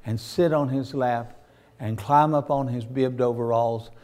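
A man's voice: mid-range voice, fairly even intonation, a little slow, dark tone. A man preaching a sermon, telling stories in a folksy way and rising to fervent emphasis. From Virginia, USA.

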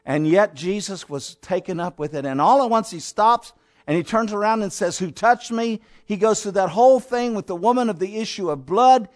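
High-voiced dramatic preacher man. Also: expressive, brisk. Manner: dramatic, swinging from hushed to loud. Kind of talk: sermon.

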